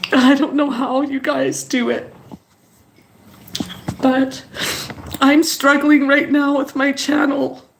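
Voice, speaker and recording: A teary woman, chatting slowly and haltingly on her livestream, with many fillers and apologies. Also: high-pitched, little pitch movement, creaky, slight background noise. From Montreal, Canada. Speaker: channel host on a livestream. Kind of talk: casual livestream chat, reading viewer comments.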